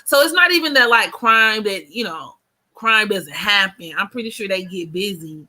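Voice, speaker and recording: A woman's voice: medium pitch, lively intonation, moderate pace, sharp tone. An American woman in her thirties hosting a casual livestream chat, blunt, slangy and joking as she talks. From United States. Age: 30s. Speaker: host.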